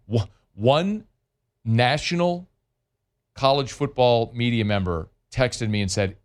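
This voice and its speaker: A man's voice: mid-range voice, normal speed. A man hosting sports talk radio, talking in a loose, conversational way with many fillers and restarts.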